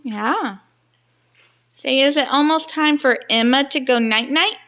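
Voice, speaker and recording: A woman's voice: high-pitched, measured pace, a bit bright. A mother talking to her small children in a home video, using coaxing, sing-song baby talk, asking simple questions and praising every answer.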